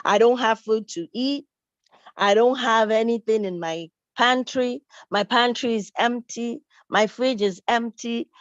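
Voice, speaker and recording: Played by a woman, a hungry, faithful woman pleads earnestly with God in a slightly lowered voice. The recording is dull and dry. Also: unhurried, no room sound, natural voice. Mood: pleading.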